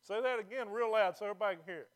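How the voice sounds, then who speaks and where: A pastor with a strikingly high voice preaches to a seated church congregation, pressing them with emphatic rhetorical questions. He talks very fast, and his tone is clear and resonant.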